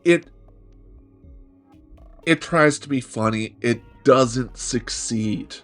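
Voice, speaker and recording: A man's voice: medium pitch, drawn-out words, a bit bright, soft background music. A middle-aged man hosting a video game review, talking in a wry, joking way that rambles with self-corrections. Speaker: game reviewer, channel host. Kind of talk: casual game review monologue.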